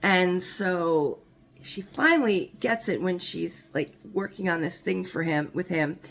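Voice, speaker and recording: A woman's voice: lowish voice, a little slow, creaky, fairly bright tone. A woman casually retelling a movie's plot, rambling and full of "like" and "you know", breaking off for small asides. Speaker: movie explainer.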